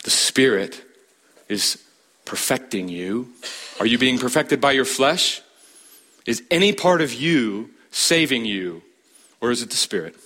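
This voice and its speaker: A man delivers a sermon in a bright, forceful voice of middling pitch. He drives each point home with emphasis, climbing high to stress a line, and keeps putting questions straight to his listeners. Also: lively intonation, unhurried, pauses often. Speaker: preacher.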